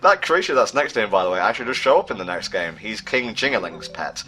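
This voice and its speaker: A man's voice: fairly low pitch, sing-song, quick pace, sharp tone. A British man giving casual, sardonic commentary on a game he plays, often stumbling as he hunts for words. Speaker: let's play commentator.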